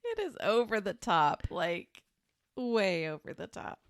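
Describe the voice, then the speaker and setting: Woman, podcast co-host, wry amused tone, expressive pitch, dry recording. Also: takes it slowly, clear, resonant tone, no room sound. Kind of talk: casual movie podcast chat.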